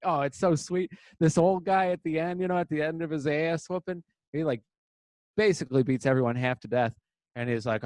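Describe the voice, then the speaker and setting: A man's voice: mid-range voice, fast, no echo. A young American man telling a rambling, crude story in casual podcast banter, full of fillers. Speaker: podcast co-host.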